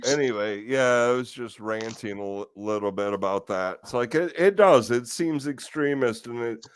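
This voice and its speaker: A man's voice: mid-range voice, normal speed, a little hiss or hum. A man hosting a casual talk stream, ranting in exasperation with rhetorical questions and the odd curse. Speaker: host of a live talk stream.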